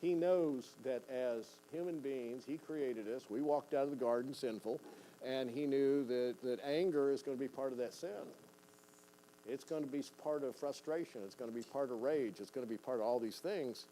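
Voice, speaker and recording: An older male pastor teaches in a relaxed, folksy way, stumbling over repeated words and slipping into little acted-out quotes. His voice is mellow and warm at an ordinary pitch. A faint hum sits under the church recording. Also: normal speed, rough recording. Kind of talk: conversational sermon.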